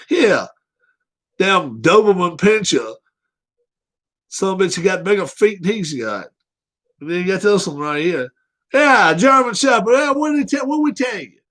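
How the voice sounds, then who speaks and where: Man, high animated voice, slow drawl, blunt joking livestream host. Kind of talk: casual livestream chat.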